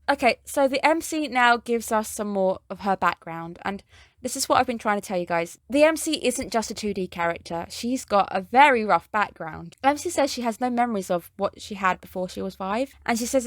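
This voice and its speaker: A woman's voice: a little high, animated, normal speed, fairly bright tone, no echo, clean studio sound. A young woman chatting casually as she reviews an anime, gushing and speaking straight to her viewers.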